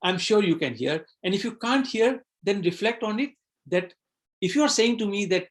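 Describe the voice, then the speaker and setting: A man's voice: high voice, sing-song, moderate pace. Man leading a reflective webinar talk. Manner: reflective, asks the audience questions, repeats words. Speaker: webinar host and coach. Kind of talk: live online webinar talk.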